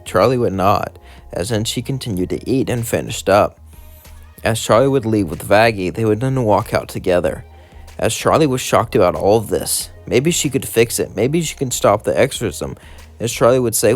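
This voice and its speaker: A man's voice: lowish voice, animated, normal speed. Male narrator, casual and rambling fan storytelling, light music underneath. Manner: casual, loose, keeps saying "would say".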